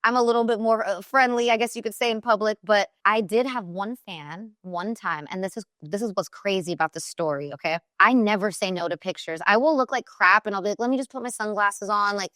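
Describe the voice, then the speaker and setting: A woman in her thirties talks with a chatty, animated energy, filling her stories with casual fillers and quick asides. Her voice sits at a middle pitch and sounds close and dry, with no room around it. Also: no room sound. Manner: chatty, animated storytelling with many "like" fillers and laughs. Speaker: guest, TV personality and recording artist. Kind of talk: casual interview chat.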